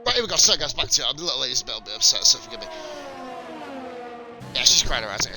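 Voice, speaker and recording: With music playing in the background, a fast-talking man commentates a sim racing league stream from home in an animated, slightly high voice. He swears freely and drifts into rambling, casual banter with chat between calls of the action.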